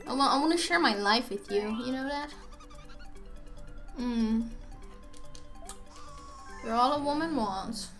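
High, lively young woman gaming. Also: takes it slowly, long pauses. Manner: chatty, rambling, bursts into squeals and laughs. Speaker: let's play gamer. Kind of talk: casual gameplay commentary. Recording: faint game music behind.

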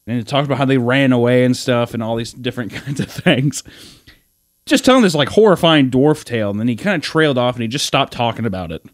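Animated rambling young man telling a story. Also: medium pitch, fast talker, dry recording, clean studio sound. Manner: rambling, animated, full of "like" fillers, acts out voices with laughs. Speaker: podcast co-host. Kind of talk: casual storytelling chat.

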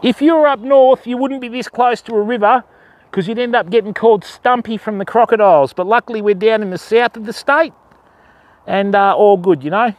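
A man's voice: sits high, fairly quick, no echo. An Australian man hosting a casual fishing livestream outdoors by a river, chatting with viewers and greeting them by name. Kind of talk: casual live-stream chat.

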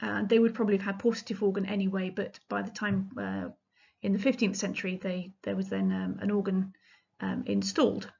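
A woman's voice: medium pitch, lively intonation, brisk, vocal fry, few pauses, darkish tone, breathy edge. Woman lecturer, talks music history in a loose explanatory way, slightly dull lo-fi sound. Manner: chatty, explanatory, frequent ums and restarts. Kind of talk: illustrated lecture.

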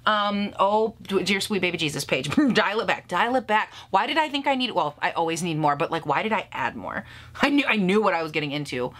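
Woman, 30s, beauty vlogger; bright, punchy tone, casual banter with the odd curse and frequent laughs. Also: lowish voice, lively intonation, brisk. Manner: bubbly, profane, laughs often, talks to herself. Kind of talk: casual makeup review.

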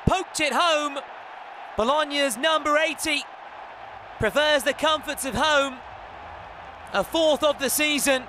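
High-pitched, bright male football commentator. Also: animated, a little slow, slight background noise. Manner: calls play by play, rising to shouts at goals. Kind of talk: highlights commentary.

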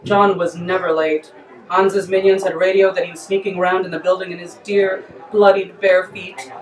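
A woman author reading her comic story aloud in a lively, playful way. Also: lowish voice, moderate pace, roomy sound, far from the mic, low-quality recording. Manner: lively, playful, breaks into laughter.

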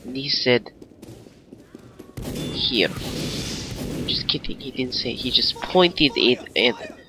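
A man's voice: mid-range voice, animated, takes it slowly, background noise. A man doing let's play commentary in a put-on Russian accent. He speaks broken English and brags and giggles through it. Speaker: gamer. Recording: game gunfire loud behind voice. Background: shooter game sounds and gunfire.

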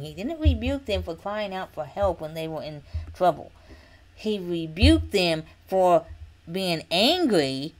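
A woman's voice: mid-range voice, low-quality recording. Earnest woman teaching Bible study. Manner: earnest, repetitive, checks in with "okay?".

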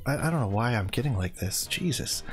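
A man's voice: medium pitch, lively intonation, a little fast, faint music behind. A man in his forties hosting a casual gaming livestream, rambling and getting worked up as he chats. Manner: rambling, gets worked up, then apologizes. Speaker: livestream host.

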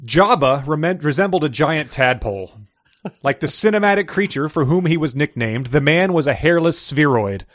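A man's voice: on the high side, animated, normal speed, fairly bright tone, no room sound. A man co-hosting a casual podcast, reading fiction excerpts aloud with light character voices and frequent laughter.

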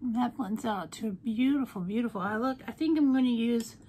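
Playful beauty vlogger lady, kinda high voice, chatty makeup tutorial vibe. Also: fairly quick, mellow, a little hiss or hum. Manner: chatty and playful, with jokey asides. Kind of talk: casual makeup tutorial chat.

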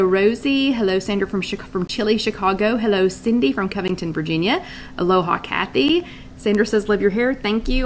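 A chatty woman with a drawl hosts a live stream from her loft at home. Her voice sits at an average pitch. She greets viewers one by one and thinks out loud while she reads comments. A faint hiss sits under the home recording. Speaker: host of a live wellness chat. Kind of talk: casual livestream chat reading comments.

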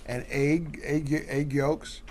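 A man's voice: on the high side, flat delivery, slow pace, darkish tone, slight background noise. A man co-hosting a casual cooking show, walking through recipes step by step with many fillers and restarts.

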